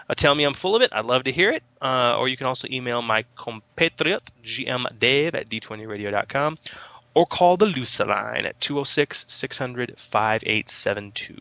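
A man's voice: mid-range voice, sharp tone, no echo. A man co-hosting a tabletop gaming podcast, chatty and explanatory as he walks through rules. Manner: chatty and explanatory, lots of fillers. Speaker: podcast co-host and game master. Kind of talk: casual gaming podcast chat.

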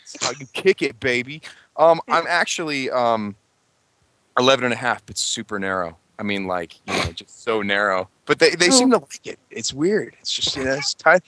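A man chatting casually on a gaming podcast, rambling and joking, quick to laugh. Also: medium pitch, sing-song, pushed and bright, no echo. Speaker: tabletop game master on a gaming podcast.

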